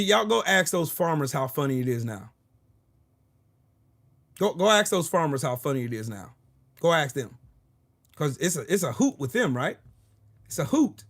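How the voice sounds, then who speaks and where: A man's voice: fairly high pitch, fairly bright tone. A man hosting his own political commentary video, ranting angrily and profanely, full of sarcasm and repeating short phrases for emphasis. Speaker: political commentary channel host.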